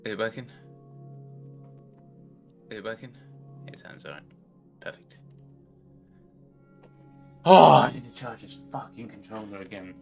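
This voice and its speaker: A man's voice: fairly low pitch, animated, measured pace, vocal fry, pauses often, over music. A man livestreaming a game, chatting casually in a rambling, sweary way at a home desk mic. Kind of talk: casual chat while gaming.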